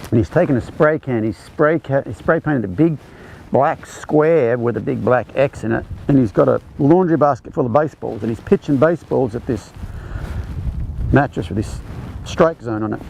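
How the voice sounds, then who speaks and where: A man's voice: medium pitch, fairly quick, vocal fry, darkish tone, a little hiss or hum, poor audio. A man teaching a horsemanship clinic, explaining conversationally as he demonstrates groundwork with a horse. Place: outdoor ranch arena.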